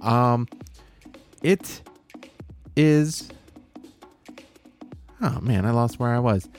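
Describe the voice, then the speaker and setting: A podcast co-host, voice fading, meanders wryly through sports betting picks and plugs, poking fun at himself. His mid-range, slightly mellow voice has lively intonation but moves extremely slowly, with soft music in the background.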